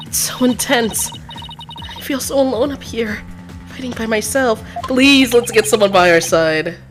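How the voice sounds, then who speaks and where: A woman voicing an earnest, flustered young female defense lawyer in a courtroom game, who pleads and protests in a raised, higher voice. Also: measured pace, faint music behind, natural voice. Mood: pleading.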